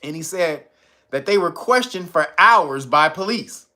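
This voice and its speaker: Animated, bright-voiced man telling a story. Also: fairly high pitch, a little slow. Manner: animated, swearing, retelling stories with acted quotes. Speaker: commentator. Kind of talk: casual storytelling commentary.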